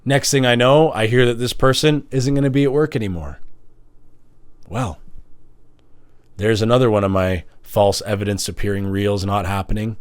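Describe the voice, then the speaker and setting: A man talking into a microphone in a rambling confessional monologue, swinging between high mock voices and low mutters. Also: moderate pace, pauses often, smooth. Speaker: vlogger and musician. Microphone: standing at a microphone.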